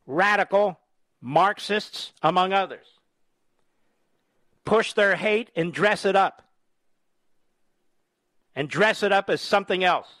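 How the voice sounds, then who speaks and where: A man's voice: mid-range voice, a bit bright, dry recording. A man in his sixties from the United States, a radio host delivering a combative, scornful political monologue with emphatic repetition. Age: 60s.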